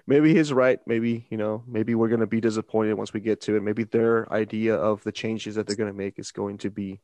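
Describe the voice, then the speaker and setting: A man's voice: lowish voice, brisk, no echo. A man hosting a casual gaming podcast chat, rambling and restarting his words as he talks. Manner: rambling, repeats and restarts words, animated emphasis. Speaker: podcast host.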